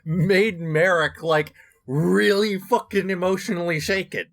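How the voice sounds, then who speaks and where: A man co-hosting a casual podcast, emphatic and animated as he complains. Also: sits high, measured pace, vocal fry. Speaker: podcast co-host. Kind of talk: casual chat.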